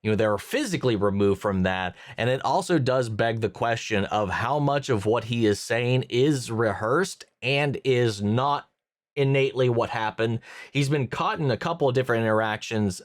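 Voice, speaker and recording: A man's voice: medium pitch, normal speed, no echo, studio quality. A man hosting a reaction channel, thinking aloud about a series episode in a casual review with many fillers and restarts.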